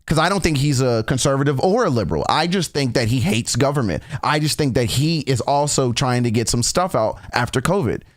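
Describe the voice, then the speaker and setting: A man's voice: mid-range voice, expressive, fairly quick, hardly any pauses, no echo. Candid man telling a story, dry sound. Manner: candid, frequent swearing and restarts. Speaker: reaction video host. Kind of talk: casual storytelling monologue.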